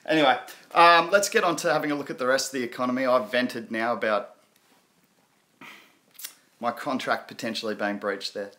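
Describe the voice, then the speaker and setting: A man hosts a casual crypto live stream, talking in a loose, rambling way. His voice is bright and forward. He stops often to read viewer comments aloud, laughing as he goes. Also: medium pitch, moderate pace, pauses often.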